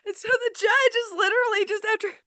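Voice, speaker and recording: A woman's voice: very high-pitched, fairly even intonation, normal speed, sharp tone, dry recording. A woman who works as a paralegal, telling a courtroom story in casual, profane chat and laughing as she goes. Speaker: podcast host.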